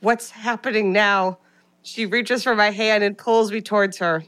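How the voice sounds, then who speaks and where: An American woman co-hosting a casual podcast, animated and playful, often repeating words as she talks and reads a listener's review aloud. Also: mid-range voice, unhurried, clean tone. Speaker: podcast co-host.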